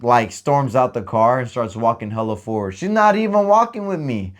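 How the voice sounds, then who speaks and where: A young man telling a story in casual chat, animated and full of profane slang. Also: medium pitch, normal speed. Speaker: podcast co-host.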